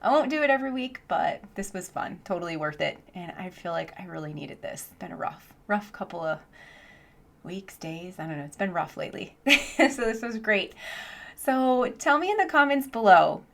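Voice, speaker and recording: A woman teaching English online, chatting casually in a vlog with lots of "like" and easy laughter, speaking into a boom headset mic from her home office. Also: lively intonation, normal speed, creaky. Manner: chatty, says "like" often, laughs easily.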